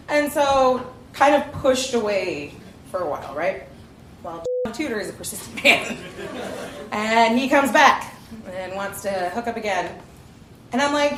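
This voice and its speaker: A woman's voice: on the high side, expressive, normal speed, a bit bright. Woman telling a comic story on stage. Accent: Southern US. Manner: comic, laughing through her lines. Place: live venue with audience. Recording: echoey live room, faint noise.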